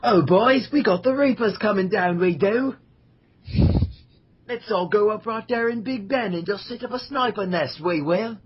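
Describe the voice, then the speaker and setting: A man's voice: high voice, moderate pace, slightly rough, lo-fi sound, pitched above the performer's own voice. A man putting on a cocky British soldier with an exaggerated fake Cockney accent, tagging his lines with "we do". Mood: gung-ho. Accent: put-on Cockney, American imitation. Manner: hammy, tags sentences with "we do".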